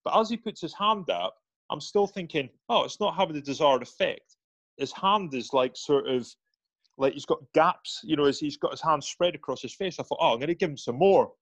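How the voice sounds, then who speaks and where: Man telling lively war stories. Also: a little high, fairly quick, dry recording. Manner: animated anecdotes with quoted voices, many restarts. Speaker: guest, former soldier. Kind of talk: casual storytelling interview.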